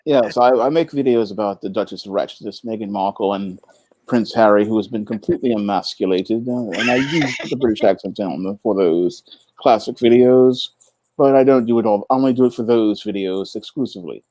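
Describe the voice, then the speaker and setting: Measured dry-sounding man. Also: fairly low pitch, mellow, no room sound, poor audio. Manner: measured, precise, formal wording. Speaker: panel guest, video maker. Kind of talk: casual live-stream panel talk.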